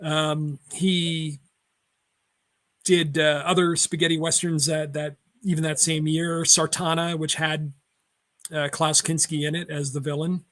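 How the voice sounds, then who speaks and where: A man's voice: a little high, flat delivery, measured pace, fairly bright tone. A man co-hosting a casual film chat show, rambling through trivia with many fillers and self-corrections. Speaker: podcast co-host.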